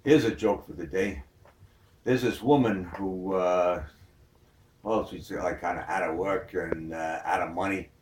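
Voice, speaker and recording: A man's voice: deep voice, a little slow, a little mellow, slight background noise. A man telling a long joke in a rambling way, full of fillers. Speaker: joke teller. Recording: echoey room from far off.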